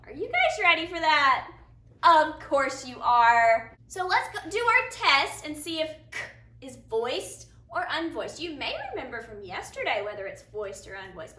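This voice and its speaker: A woman teacher leading a phonics lesson for young children, in a sing-song, slow and encouraging way with big praise, in a classroom. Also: high-pitched, sharp tone, distant mic. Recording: roomy sound from a little off the mic, faint room hiss.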